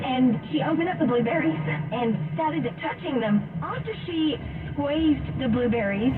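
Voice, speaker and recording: A woman leaving a listener message, complaining quickly with disgust. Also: high voice. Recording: distant tinny radio with music.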